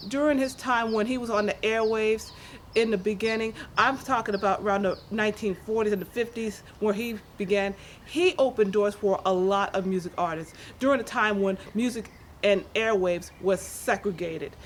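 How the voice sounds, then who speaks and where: A woman's voice: mid-range voice, a little hiss or hum. A woman hosting an entertainment show, narrating a music tribute segment in a conversational way with a few fillers and restarts. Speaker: show host.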